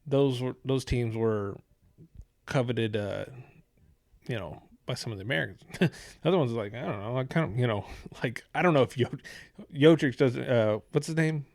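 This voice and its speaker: A man's voice: mid-range voice, moderate pace, vocal fry, darkish tone, no echo, clean studio sound. A man hosting a podcast in casual chat, rambling, swearing freely and laughing often. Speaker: podcast host.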